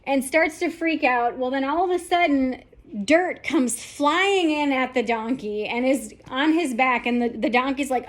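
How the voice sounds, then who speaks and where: A woman hosting a podcast, telling a story in a lively, animated way and acting out the characters' reactions. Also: sits high, unhurried. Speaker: podcast host.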